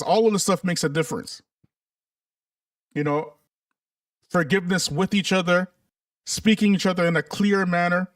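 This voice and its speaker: A man's voice: high-pitched, no room sound, clean studio sound, distant mic. A man hosting a casual livestream, talking emphatically and a bit preachily, and calling his viewers "family" and "y'all". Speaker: livestream host.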